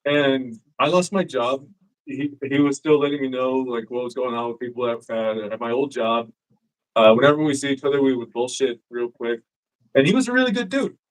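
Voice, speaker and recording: As a guest in a casual chat on a live-streamed show, a man tells a story with free-flowing profanity, animatedly acting out what people said. His mid-range voice is a little fast, and the recording quality is low.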